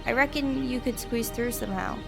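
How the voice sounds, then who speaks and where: A woman's voice: a little high, fairly quick, creaky. Woman reading a teasing sardonic sidekick, gamebook, music behind. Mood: wry. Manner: wry, teasing.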